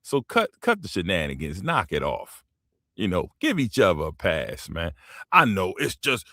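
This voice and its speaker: Lively-voiced man lecturing his stream. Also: normal speed, dry recording, studio quality. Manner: lecturing, rambling, swings in pitch; profane, teasing. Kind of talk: casual livestream monologue.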